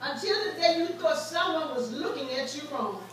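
High-voiced woman preaching in a church. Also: lively intonation, normal speed, a crowd in the background. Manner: preaching with rising fervor, storytelling. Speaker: guest preacher. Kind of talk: sermon. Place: church sanctuary. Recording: echoey church from far off.

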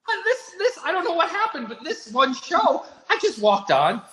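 A man rambles happily through a memory, his pitch swinging up and down. The recording has a roomy echo. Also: big pitch swings, moderate pace, a bit bright. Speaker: guest performer. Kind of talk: anecdotal chat over video call.

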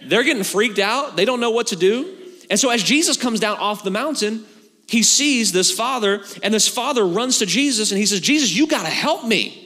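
A man's voice: high-pitched, moderate pace. A man preaching as a pastor, telling the story in a casual, joking way and acting out the dialogue. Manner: animated storytelling with acted-out dialogue. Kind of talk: sermon. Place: church sanctuary. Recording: long hall reverb from a church.

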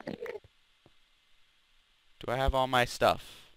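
A young man narrates his gaming session in casual commentary. His voice is bright and swings up and down a lot. He grumbles, swears freely and mocks the enemies he fights. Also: lowish voice, lively intonation, a little slow, long pauses. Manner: swears freely, grumbles and trash-talks mobs. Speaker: gaming channel host. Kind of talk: Minecraft let's play commentary.

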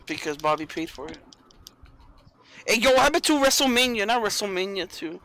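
A man's voice: sits high, expressive, brisk, sharp tone, dry recording. A man joking around on a group voice chat during a game, trying not to curse. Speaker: friend on voice chat. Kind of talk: casual gaming chat.

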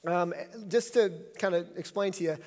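A man's voice: high-pitched, moderate pace, darkish tone. A man in his thirties preaching a sermon, telling a funny story in a chatty, joking way. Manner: humorous, conversational storytelling. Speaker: pastor. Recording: long church reverb.

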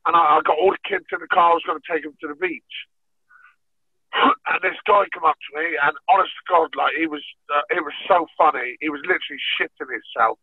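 A man, a podcast guest and former fighter, telling a story in casual, profane, animated speech. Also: fairly high pitch, husky, no room sound. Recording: tinny phone-like dry sound.

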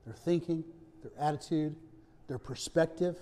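A male pastor preaching a sermon conversationally, often checking in with "okay?" and dropping to hushed tones for serious points. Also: fairly high pitch, normal speed, long pauses. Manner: storytelling with rising emphasis, softening to hushed tones.

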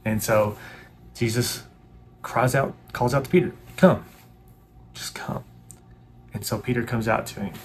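A man's voice: medium pitch, creaky, a little hiss or hum. A male pastor giving an earnest devotional sermon and leading a pleading, repetitive prayer.

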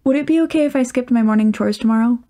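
A woman's voice: a little high, lively intonation, moderate pace, darkish tone, pitched above the performer's own voice. A woman voicing a flustered young man in a storybook reading, nervous and defensive.

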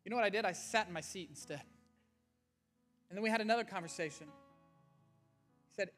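A man's voice: sits high, brisk, pauses often, a bit bright. A man preaching an earnest, conversational sermon to his church as its pastor. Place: church sanctuary. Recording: faint music underneath.

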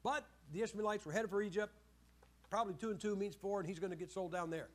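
A man preaching a sermon in an animated storytelling way, asking his listeners questions and acting out the voices of the people in the story. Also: high voice, fast talker. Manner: animated storytelling, asks the audience questions, acts out quoted voices.

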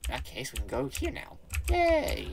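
A man's voice: mid-range voice, normal speed, noisy background. A man hosts a let's play and comments on his own gameplay. His voice jumps around a lot as he exclaims, curses and rambles through self-corrections. Faint keyboard clicking sits behind him. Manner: excitable, exclaiming and swearing at the game. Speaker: gaming channel host.

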